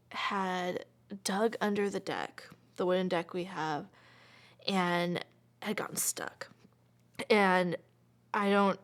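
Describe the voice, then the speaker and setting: A woman's voice: mid-range voice, fairly bright tone. A woman in her twenties telling a personal story in an interview, chatty and full of filler words, sometimes dropping almost to a whisper. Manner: chatty, frequent filler "like", drops to near whisper.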